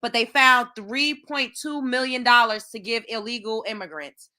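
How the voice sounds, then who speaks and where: A woman's voice: high-pitched, expressive, unhurried, few pauses, pushed and bright. A woman hosting her own show, ranting in heated, profane commentary with lots of exclamations. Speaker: show host.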